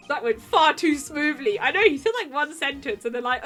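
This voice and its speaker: A woman streaming a video game, chatting casually with viewers in a giggly, excitable way. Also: high-pitched, a little fast, hardly any pauses, faint music behind. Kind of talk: casual live-stream commentary.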